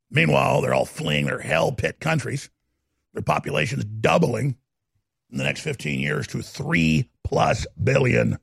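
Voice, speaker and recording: A man's voice: mid-range voice, lively intonation, unhurried, gravelly, a bit bright, husky, no room sound, clean studio sound. A man hosting a political talk show, ranting in a heated, sarcastic way. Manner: ranting, sarcastic, slips into mocking impressions.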